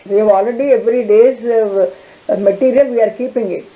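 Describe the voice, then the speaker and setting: Woman, law teacher, online class, halting with fillers, roomy echo. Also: fairly high pitch, muffled recording. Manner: halting, many fillers and restarts.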